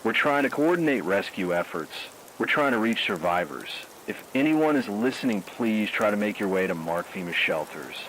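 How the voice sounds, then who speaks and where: A man voicing a woman military major who calls in to a radio station and gives steady, official instructions in a radio drama. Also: on the low side, moderate pace, few pauses, slight background noise, rough recording. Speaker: caller.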